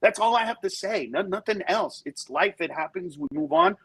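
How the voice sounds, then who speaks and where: Husky guy w a fairly high voice, comedian on a talk show, animated storytelling. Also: moderate pace, hardly any pauses, low-quality recording. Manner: animated storyteller who acts out voices in quotes. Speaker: guest comedian. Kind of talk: candid talk-show conversation.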